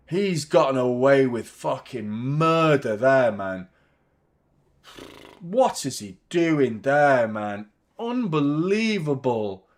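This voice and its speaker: A young man with a slightly high voice gives live watchalong commentary on a football match, chatting and swearing and shouting in outrage at fouls.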